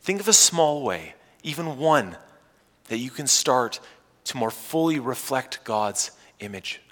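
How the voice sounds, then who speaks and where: A man preaching a Sunday sermon as pastor, animated, with playful asides to his congregation. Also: medium pitch, unhurried, in a large hall.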